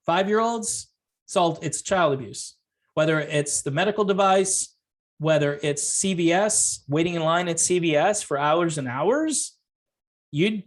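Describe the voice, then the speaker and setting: A man delivering a sarcastic opinion rant as a music commentary vlogger, full of rhetorical questions. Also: high voice.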